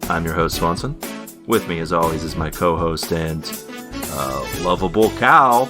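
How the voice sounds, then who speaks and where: Male host, deep pitch, loose chat, drops fillers, dry wit. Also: unhurried, music in the background. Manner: wry, hesitant with fillers. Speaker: podcast host. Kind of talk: casual chat.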